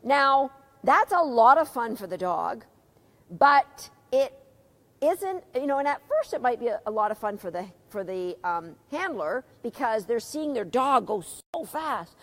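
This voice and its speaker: A woman's voice: on the high side, sing-song, a little slow, fairly bright tone. A middle-aged woman teaching a live dog agility seminar, chatty, asking her students questions and reading out their comments.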